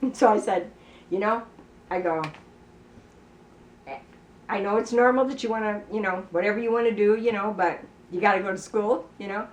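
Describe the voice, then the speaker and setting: A woman's voice: medium pitch, moderate pace, long pauses. A chatty older woman recounts a family story at home, slipping into each person's lines as she goes. She sits a little off the microphone in a roomy space, with a faint hiss behind her. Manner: chatty storyteller, acts out dialogue, many "you know"s. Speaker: parent telling a family story. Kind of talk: casual conversation. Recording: roomy, distant, faint background noise.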